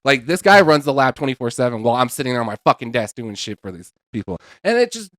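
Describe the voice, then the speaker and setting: A man's voice: mid-range voice, sing-song, fast talker, fairly bright tone, no echo, clean studio sound. A man co-hosting a podcast, ranting in casual chat and swearing freely. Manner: profane, fired-up ranting. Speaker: podcast co-host, cannabis business owner. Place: podcast studio.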